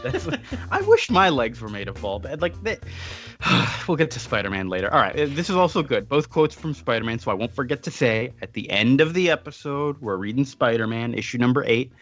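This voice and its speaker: A man's voice: mid-range voice, lively intonation, fairly quick, a bit bright, soft background music. A man hosting a comics podcast in a casual, rambling chat, laughing often. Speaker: podcast host.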